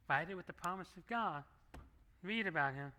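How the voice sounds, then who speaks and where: A man's voice: sits high, expressive, normal speed, bright, forceful tone. A middle-aged man preaching a sermon as pastor, talking conversationally and slipping into acted asides, on a handheld microphone in a church. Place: church sanctuary.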